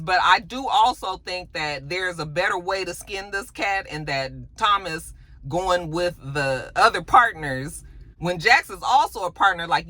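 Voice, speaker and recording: A woman talks through a TV episode recap in a loose, unfiltered way, heavy on slang and swearing. Her voice is bright and pushed forward. She keeps it conversational and animated from start to finish. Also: fairly low pitch, no echo. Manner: animated, slangy, profane retelling. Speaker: TV recap host.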